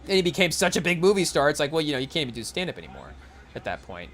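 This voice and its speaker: A young podcast host with a fairly high, sing-song and slightly bright voice rambles casually about a basketball game while he watches it live. His talk is full of fillers and restarts, and he tries out quick celebrity impressions.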